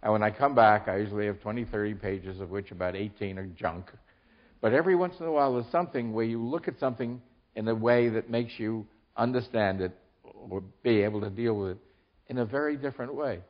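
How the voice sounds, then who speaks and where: Low-voiced older man giving a talk. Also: highs cut off. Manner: halting, with restarts and laughs. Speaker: author. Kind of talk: lecture talk. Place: lecture hall.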